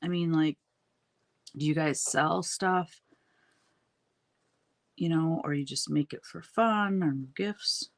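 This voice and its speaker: Middle-aged woman, friendly live-stream host, lowish voice, slightly stuffy from allergies. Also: slow, pauses often. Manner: chatty, reads out and greets viewer comments. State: sniffly from allergies. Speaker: livestream host chatting with viewers. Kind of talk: casual live stream chat while crafting.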